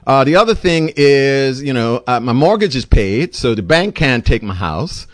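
A man's voice: very animated, normal speed, no echo, studio quality. A doctor and show host, a man, giving an impassioned, rambling monologue. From Bermuda. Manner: impassioned, rambling, pitch swinging widely. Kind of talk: opinionated monologue.

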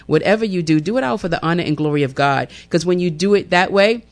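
Male radio host, fairly high voice, lively preaching, repeats phrases to listeners. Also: fast. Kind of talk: radio devotional and announcements.

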